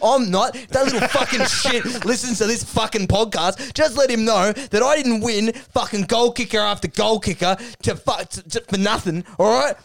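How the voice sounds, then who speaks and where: A man doing an impression of a hot-headed, boastful retired footballer, shouting threats and swearing in an Australian accent. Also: sits high, normal speed, gravelly, hardly any pauses, pitched above the performer's own voice. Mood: furious.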